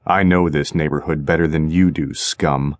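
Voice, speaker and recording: A man voicing a brooding male rescuer who speaks low, quiet and commanding. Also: fairly even intonation, normal speed, no echo. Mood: menacing.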